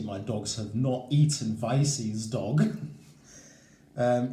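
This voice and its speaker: A man's voice: fairly low pitch, warm tone, a little hiss or hum. A man rambling casually to camera as a vlogger at his rural home, chatty and giggly. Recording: roomy echo.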